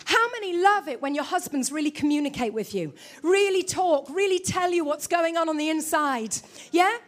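A woman with a very high voice preaches in a lively, joking way, teasing the congregation as she goes. She sounds middle-aged and speaks from the front of a church. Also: moderate pace. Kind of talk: sermon.

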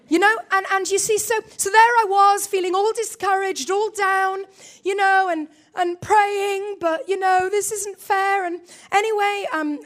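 A woman preacher with a very high voice delivers a sermon in an animated, emphatic way. She acts out her own quoted thoughts and often calls out questions to the congregation.

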